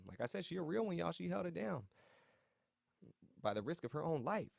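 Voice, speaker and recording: A man's voice: fairly high pitch, very animated, fast, vocal fry, no room sound, clean studio sound. A man hosting a casual TV episode recap and reaction. He talks loosely with slang and asides to viewers, and chuckles now and then. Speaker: TV recap host.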